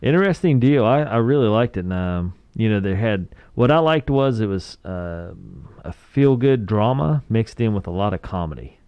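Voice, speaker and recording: A man's voice: lowish voice, lively intonation, normal speed, hardly any pauses, smooth, no room sound, lo-fi sound. A man in his forties from West Virginia, co-hosting a podcast and telling laid-back stories about a movie, often chuckling and acting out quotes. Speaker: podcast co-host. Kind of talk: casual movie review chat.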